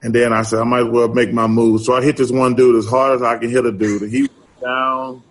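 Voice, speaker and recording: A middle-aged man with a drawl tells a long story in a husky, grainy voice. He acts out each line of dialogue as he goes. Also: medium pitch, fairly quick. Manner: animated storyteller, acts out quotes. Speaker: interview guest. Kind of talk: casual storytelling.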